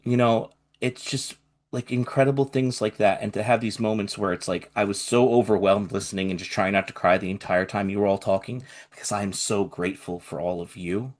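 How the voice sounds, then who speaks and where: An earnest young man with a low-set voice speaks from the heart in a live group chat. His words come slowly and turn soft and quiet as he trails off. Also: fairly even intonation. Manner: earnest, emotional, voice softening and trailing off. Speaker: community organizer of a fan group.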